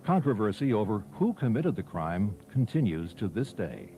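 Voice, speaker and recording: A man giving measured, scripted documentary narration. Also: on the low side, big pitch swings, rough recording. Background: soft music bed.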